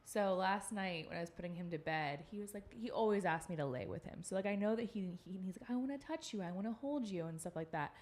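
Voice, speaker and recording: A woman in her twenties co-hosting a casual podcast chat, telling lively stories about her son and acting out his lines. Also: fairly low pitch, quick pace, hardly any pauses. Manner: animated storyteller, laughs often, acts out quotes. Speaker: podcast co-host.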